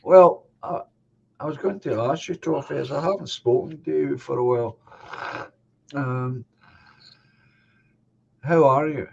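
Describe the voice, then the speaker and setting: A man hosting a casual chat stream, affable and quick to acknowledge. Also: mid-range voice, gravelly, a little mellow, husky, muffled recording. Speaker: host.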